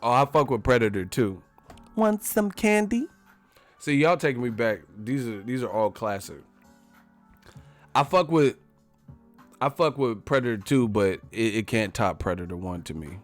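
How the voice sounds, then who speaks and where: A man's voice: fairly low pitch, normal speed, soft background music. Profane man hosting a casual live stream. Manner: profane, laughing often, reacting to chat.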